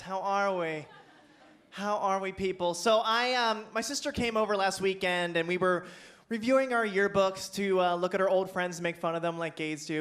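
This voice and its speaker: Male stand-up, high voice, campy and animated, club stage on a handheld mic. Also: normal speed. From Pennsylvania. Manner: campy, animated, playful with the crowd. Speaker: stand-up comedian. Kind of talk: stand-up set.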